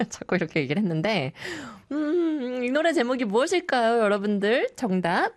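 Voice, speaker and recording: Rapid, animated woman radio host. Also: medium pitch, no echo, clean studio sound. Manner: playful, giggly, chatty. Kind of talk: bilingual radio hosting. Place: radio studio.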